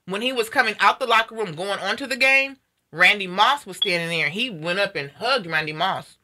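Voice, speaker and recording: A woman's voice: mid-range voice, fairly quick, bright, forceful tone, slight background noise. A woman in casual live-stream chat, speaking frankly and giving her opinions.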